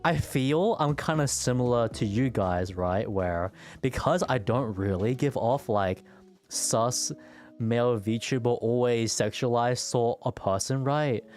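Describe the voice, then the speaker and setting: Slow-talking stuttering male streamer. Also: medium pitch, darkish tone, faint music behind. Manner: stuttering, repeats words. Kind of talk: casual chat with viewers.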